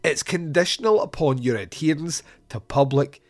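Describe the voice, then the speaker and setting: A man's voice: on the high side, normal speed, a little mellow. A man voicing a stern female small-town deputy who speaks in a dry, official way.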